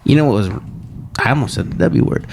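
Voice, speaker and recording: A man's voice: mid-range voice, expressive, quick pace, creaky, background noise. A man co-hosting a comedy podcast, chatting loosely, laughing a lot and slipping into goofy voices at a desk mic. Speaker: podcast co-host. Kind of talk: casual chat. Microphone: studio desk microphone.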